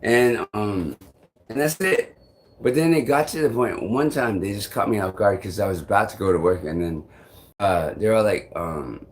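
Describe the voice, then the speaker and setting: A man's voice: fairly low pitch, normal speed. A man vlogging, telling a long frustrated story in a rambling, profane way. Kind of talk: casual storytelling to camera.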